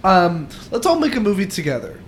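Man, podcast host, playful, high, swooping, very bright. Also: very animated, brisk, slight background noise. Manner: playful, prompting. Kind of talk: casual chat.

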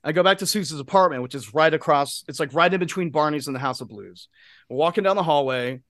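A male podcast co-host telling a rambling, lively anecdote in casual chat, full of asides and swearing, on a studio mic. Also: fairly high pitch, fast, no room sound.

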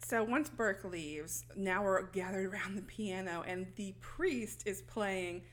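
A woman's voice: mid-range voice, takes it slowly, a bit bright, a little hiss or hum. A woman co-hosting a podcast, telling a film's story in casual chat and acting out the characters' lines. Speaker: podcast co-host recapping a film.

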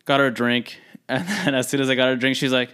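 A man's voice: mid-range voice, fast, fairly bright tone, clean tone. A young man co-hosting a podcast, telling a party story in casual chat, full of "like" and "you know". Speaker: podcast co-host.

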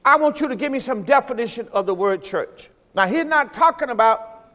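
Preaching to his congregation during a church service, a pastor speaks at a moderate pace in an extremely high, bright, forceful and animated voice. His folksy sermon relies on repeated phrases and call-and-response, with long reverb filling the sanctuary.

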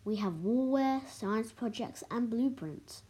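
A woman's voice: on the high side, lively intonation, slow pace, warm tone, pitched above the performer's own voice. A woman reading as a scheming base commander. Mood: persuasive.

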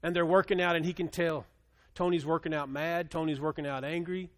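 A middle-aged male pastor preaching a sermon, moving between quiet storytelling and loud, impassioned appeals. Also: on the high side, level tone, brisk.

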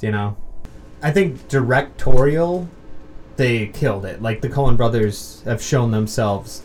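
Male film-chat co-host, casual and profane, very lively pitch, faint hiss behind him. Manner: animated, swings into loud excited mock outbursts, swears freely. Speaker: movie commentary co-host.

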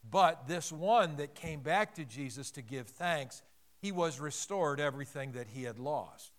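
A man preaching a sermon earnestly, swelling louder and slowing down on the key phrases. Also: a little high, animated. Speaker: pastor.

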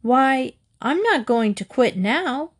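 Woman doing a stubborn young girl, high and pushy. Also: animated, unhurried, a little mellow. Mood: insistent.

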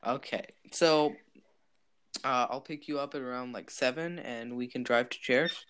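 A man's voice: medium pitch, a little slow, a bit bright, clean tone. Brief: young man, goofy improv partner, narrates his own scene. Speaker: improv role-player. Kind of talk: playful improvised role-play.

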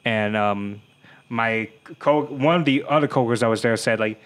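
A man's voice: medium pitch, moderate pace, fairly bright tone, clear, resonant tone. A young man co-hosting a podcast, telling stories in casual chat, laughing and swearing as he goes. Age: young adult. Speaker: podcast co-host.

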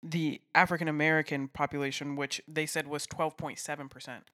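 A man's voice: on the high side, flat delivery, a little fast, bright, forceful tone. A man co-hosting a podcast in casual chat, talkative, often laughing and filling with "like".

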